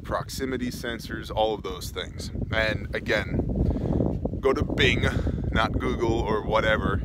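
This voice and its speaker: A man's voice: lowish voice, noisy background. A man hosting a casual solo vlog, talking off the cuff with joking, self-mocking asides, outdoors on rural land. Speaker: host.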